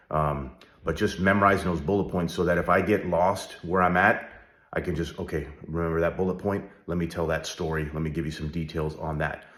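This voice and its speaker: A middle-aged leadership coach gives direct-to-camera advice in a deep, fairly bright voice. He speaks straight to the viewer in a coaching way, often checking in with "all right?", and the recording has a roomy echo.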